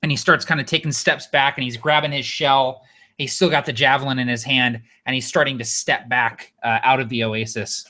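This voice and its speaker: A man's voice: medium pitch, fairly even intonation, a little fast, bright, forceful tone. A man running a tabletop game as game master, narrating casually.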